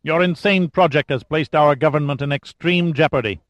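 A man's voice: mid-range voice, sing-song, fairly quick, dry recording, lo-fi sound, close to an everyday voice. A man voicing a cold, commanding Russian KGB agent in an audiobook, delivering curt, barked orders. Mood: harsh, commanding.

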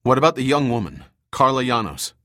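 A man voicing a calm rescuer asking steady questions. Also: mid-range voice, fairly quick. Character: calm male adventurer leading a rescue.

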